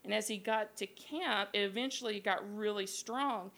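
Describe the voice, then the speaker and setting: A woman hosting a live podcast, retelling a scary campfire tale in a casual, profane, animated way with quoted voices. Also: medium pitch, normal speed. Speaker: podcast host. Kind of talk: casual storytelling. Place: live show at a beer garden.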